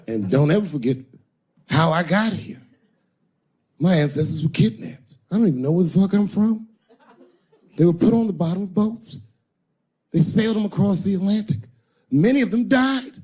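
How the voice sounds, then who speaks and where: A man's voice: high voice, lively intonation, moderate pace, long pauses, darkish tone, a little hiss or hum. A middle-aged man performing a stand-up comedy set, telling profane stories with sudden bursts of emphasis.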